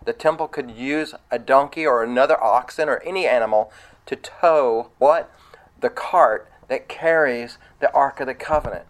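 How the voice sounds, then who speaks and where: A man's voice: medium pitch, moderate pace, low-quality recording. Man preaching a conversational sermon. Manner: conversational, rising to loud excited retelling.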